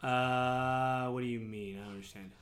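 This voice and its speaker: A man's voice: medium pitch, fairly even intonation, normal speed, a bit bright. A man narrating as game master of a tabletop game, loose and rambling with lots of fillers.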